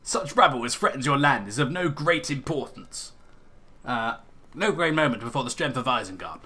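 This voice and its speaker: A man voicing a smooth-talking emissary in a game, with a put-on accent and a formal, persuasive manner. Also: mid-range voice, expressive, moderate pace, pushed and bright. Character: smooth-talking male emissary of a dark wizard. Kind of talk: reading game dialogue aloud in character.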